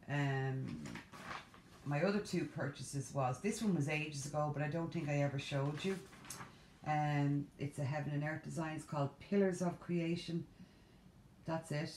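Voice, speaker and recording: Low-voiced ranting Irish woman. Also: a little hiss or hum. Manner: animated, exasperated ranting with playful asides. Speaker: cross-stitch vlogger. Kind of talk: casual chat to camera. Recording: echoey room.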